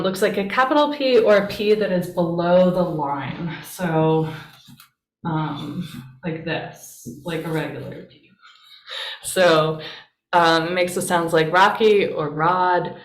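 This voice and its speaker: A woman pastor teaching a casual class, chatty and encouraging, with plenty of fillers. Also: on the low side. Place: church meeting room. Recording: roomy echo.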